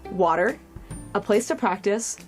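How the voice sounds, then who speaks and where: A woman's voice: medium pitch, lively intonation, unhurried, music in the background. A young woman coaching a screaming vocal tutorial, upbeat and encouraging, demonstrating with sighs and growls.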